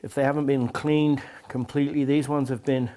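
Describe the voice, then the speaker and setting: A man's voice: mid-range voice, level tone, brisk, mellow. A middle-aged man, cooking a curry at home and cracking dry jokes. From England. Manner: wry, joking, hesitant with fillers. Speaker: home cook, biker club president. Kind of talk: casual cooking demonstration.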